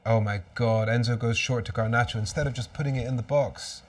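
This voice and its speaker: A man's voice: mid-range voice, steady tone, brisk, far from the mic. A man hosting a live fan watchalong stream, commentating on the match with exasperated outbursts and resigned muttering.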